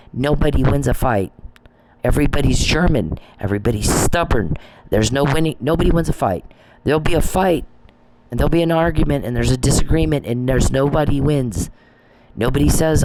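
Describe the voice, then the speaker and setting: A man's voice: mid-range voice, vocal fry, a little mellow, slight background noise. A man delivering an agitated, accusing monologue, swearing freely and repeating himself for emphasis. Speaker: vlogger. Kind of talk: ranting monologue.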